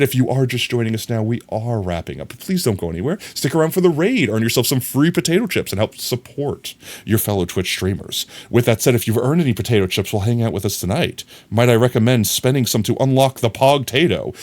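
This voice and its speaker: Animated, playful streamer man. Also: medium pitch. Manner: playful, joking, chuckles often. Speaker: live streamer. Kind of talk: casual live-stream chat.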